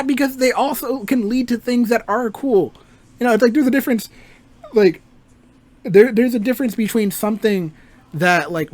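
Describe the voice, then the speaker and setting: A young man and game designer ranting casually about video games, rambling, swearing freely and laughing often. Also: high voice. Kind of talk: casual gaming rant.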